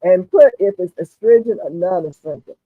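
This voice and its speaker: A relaxed, chatty woman with a Southern US accent hosts a casual livestream and keeps up an easy stream of talk with plenty of "mm-hmm"s. Her voice comes through thin and phone-like, with a dry sound that has no room echo. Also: lowish voice, moderate pace. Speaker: livestream host. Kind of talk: casual chat, reading the live chat aloud.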